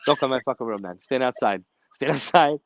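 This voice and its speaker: A brash man with a medium-pitched, creaky voice talks fast over dull audio with slight background noise. Co-hosting a casual podcast, he swears constantly while telling stories and acts out quotes in a raised voice.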